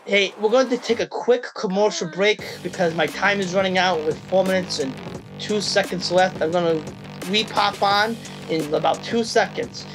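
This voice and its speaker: A man hosting a sports betting podcast who rants in an excitable, profane way. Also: sits high, moderate pace, music in the background. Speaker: podcast host. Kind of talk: casual sports talk.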